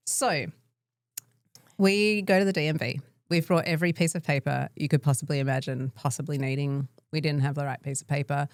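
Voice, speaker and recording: Low-voiced Australian woman telling wry stories. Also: moderate pace, no room sound, studio quality. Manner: wry, self-deprecating storytelling. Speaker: podcast co-host. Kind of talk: casual chat.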